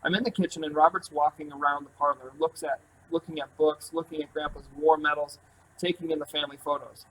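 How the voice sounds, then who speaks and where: A man narrating an audiobook in the first person, calm and steady. His voice is a little higher than most men's, and faint room ambience sits behind him. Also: brisk, slight background noise, rough recording. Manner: calm, even storytelling.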